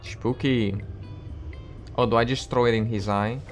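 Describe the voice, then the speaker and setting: A man's voice: medium pitch, fairly even intonation, unhurried, soft background music. A man giving casual, reactive commentary while playing a video game, exclaiming and laughing at himself. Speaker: gameplay video host.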